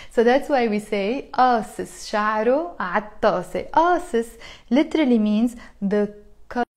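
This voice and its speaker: A Lebanese woman teaching a live online lesson, chatty and repeating each phrase slowly for learners. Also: on the high side, lively intonation, a little mellow. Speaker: Arabic teacher.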